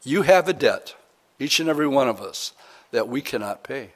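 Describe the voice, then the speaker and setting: Male pastor, mid-pitched, preaching an earnest, chatty sermon with sudden emphatic lifts. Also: animated, moderate pace, fairly bright tone.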